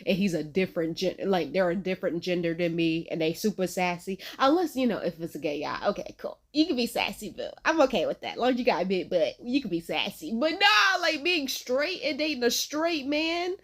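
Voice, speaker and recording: A young woman hosting a reaction video, chatting casually with lots of slang, frequent laughter and sudden high squeals. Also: animated, fairly quick, hardly any pauses, a bit bright. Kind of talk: casual chat to camera.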